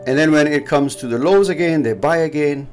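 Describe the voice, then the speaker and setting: A Pakistani man, a trading educator, walks casually through market charts in a rambling, explanatory chat, laughing often. He speaks in Pakistani English with a fairly high pitch and a slightly fast pace. Soft music plays in the background.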